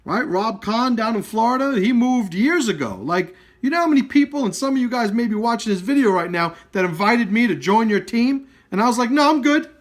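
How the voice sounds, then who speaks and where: A man's voice: extremely high pitch, brisk, few pauses. A man who runs a martial arts school, ranting bluntly and swearing freely in a live video. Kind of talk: blunt, profane direct-to-camera rant.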